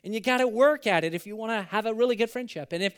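A man's voice: high voice, quick pace, smooth. A man preaching a sermon as a pastor, telling stories in a folksy way and acting out the quotes. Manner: folksy storytelling, acts out quotes.

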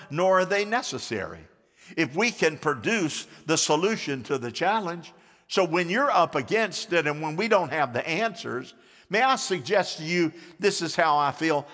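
A man's voice: on the high side, fairly bright tone, long reverb tail. A male pastor preaching a sermon, drawing the congregation into call-and-response with sweeping swings of voice. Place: church sanctuary.

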